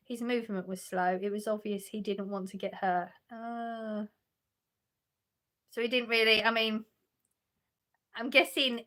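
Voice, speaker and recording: Woman chatting to her stream chat from the sofa, bright voice, laughs a lot. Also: medium pitch. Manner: chatty, laughs often, restarts sentences. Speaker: livestream host reading chat. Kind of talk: casual chat with viewers. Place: on a sofa at home.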